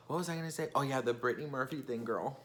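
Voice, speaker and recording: Chatty gossipy young man, bright voice. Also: medium pitch, racing. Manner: chatty and gossipy, many fillers. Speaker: vlogger. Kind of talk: casual storytime vlog.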